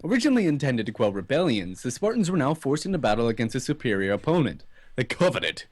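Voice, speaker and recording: A man's voice: medium pitch, very animated, fast, no room sound. A man co-hosting a casual late-night stream from a computer chair at home, reading game lore aloud with chatty asides and small stumbles. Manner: reads long passages with chatty asides and stumbles.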